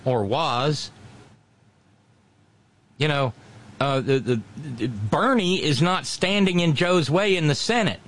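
Animated Southern man hosting talk radio. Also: fairly high pitch, slow, long pauses. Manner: profane, animated, repeats words when starting. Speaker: radio talk show host.

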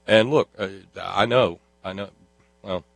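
A man's voice: fairly low pitch, unhurried, vocal fry, a bit bright, dry recording. A man hosting a talk show, delivering a sardonic monologue full of fillers and restarts. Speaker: host.

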